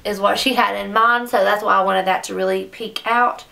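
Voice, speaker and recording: A woman's voice: mid-range voice, steady tone, normal speed, vocal fry, bright, forceful tone, recorded from a distance, a little hiss or hum. A young woman reviewing makeup in a casual, gushing way, often saying "like," in a makeup room at home. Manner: chatty, gushing, says "like" often. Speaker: beauty vlogger.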